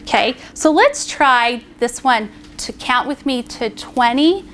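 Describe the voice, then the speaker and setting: A woman's voice: sits high, lively intonation, slow, a bit bright, slight background noise. A woman teacher demonstrating a classroom lesson to other teachers, leading a group through counting aloud in a training room. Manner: leads group counting aloud with hand signals.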